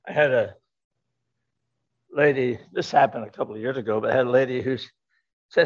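Here an older man delivers a sermon in a church sanctuary with a medium-pitched, brisk voice broken by long pauses. He presses his points hard, repeating key words to the congregation, and the audio sounds dull and lo-fi.

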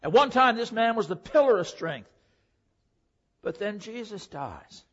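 A man preaching a sermon, emphatic, swinging between loud declaring and hushed, quiet passages. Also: sits high, big pitch swings, measured pace. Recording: dull lo-fi recording.

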